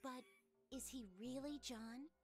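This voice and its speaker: An actress voicing a nervous, secretive young woman in a visual novel, speaking hesitantly and sometimes in a hushed whisper. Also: sits high, steady tone, takes it slowly, faint music behind. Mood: earnest, probing.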